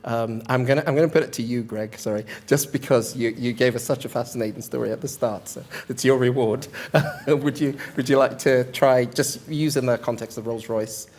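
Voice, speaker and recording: A man moderating a conference panel, speaking haltingly with many fillers and repeated words. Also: mid-range voice, darkish tone.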